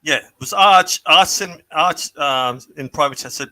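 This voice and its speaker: A man's voice: on the high side, unhurried, few pauses, bright, forceful tone. A man teasing and joking in a casual group chat on a show. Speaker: show regular.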